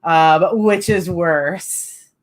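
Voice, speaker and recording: A woman's voice: on the low side, drawn-out words. A woman hosting a live writing-sprint stream, chatting casually and rambling with many fillers and giggles.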